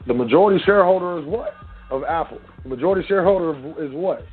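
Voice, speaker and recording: A man's voice: fairly high pitch, lively intonation, very fast, husky. A man hosting an internet radio show, talking casually and preachily straight to his listeners. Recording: tinny phone-line sound with faint music.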